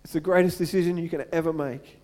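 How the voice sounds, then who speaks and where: Aussie pastor guy preaching, high voice, earnest, loud bits then soft slow bits. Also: fairly even intonation. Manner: earnest, swings between loud urgent build-ups and slow soft appeals. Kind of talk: sermon.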